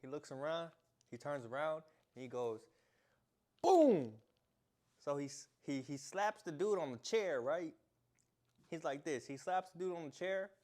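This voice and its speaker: A man's voice: on the high side, normal speed. Young guy vlogging, telling a wild story, slangy, laughs a lot, acts stuff out. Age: young adult. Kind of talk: casual storytelling to camera.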